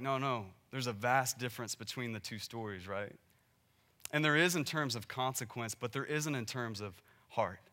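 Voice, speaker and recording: Male pastor, bright edge to the voice, talks to the congregation casually, then hits key lines hard or drops low. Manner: conversational preaching, rising to emphatic peaks and dropping to quiet asides. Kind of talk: sermon.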